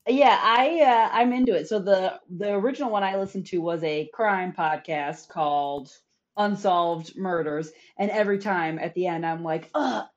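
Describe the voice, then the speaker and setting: A woman co-hosting a podcast in casual chat, animated and laughing often as she tells stories. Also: fairly low pitch, normal speed, lo-fi sound. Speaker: podcast co-host.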